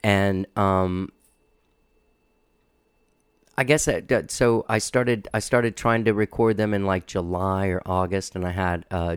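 A man's voice: low voice, smooth, dry recording. A middle-aged man hosting his podcast in a casual, rambling way, full of restarts and fillers, recorded in a home studio. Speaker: podcast host. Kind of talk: casual interview chat.

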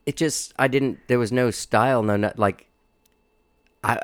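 A man's voice: medium pitch, steady tone, unhurried, dry recording. A middle-aged man hosting his podcast in a casual, rambling way, full of restarts and fillers, recorded in a home studio. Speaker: podcast host. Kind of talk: casual interview chat.

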